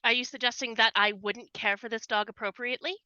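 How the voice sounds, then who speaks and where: Woman playing a stern formal nun, bright sharp tone, dull lo-fi mic. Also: fairly high pitch, steady tone, quick pace, dry recording.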